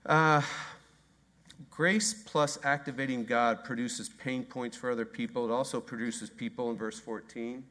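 A male pastor delivering a sermon with a bright, forceful tone. He drives his points home with repeated phrases and rhetorical questions, swinging between quiet asides and rising intensity. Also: mid-range voice, steady tone, a little slow. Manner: emphatic, repetitive rhetorical questions.

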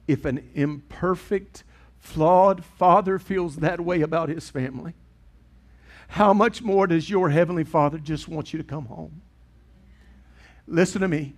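A middle-aged man preaching a sermon in a church, earnest and swinging from loud to hushed. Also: fairly high pitch. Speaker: pastor. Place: church sanctuary with congregation.

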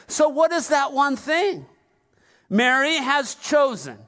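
High-voiced pastor in a reverberant hall. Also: male voice, very animated, slow, pushed and bright. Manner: conversational and humorous, with asides to the congregation. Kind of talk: sermon. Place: large church sanctuary. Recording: long reverb of a large hall.

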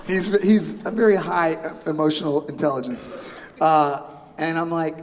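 A man's voice: a little high, moderate pace. A middle-aged man preaching a sermon, telling a family story with self-deprecating humor and asides to the congregation. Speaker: pastor. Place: church sanctuary. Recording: long hall reverb.

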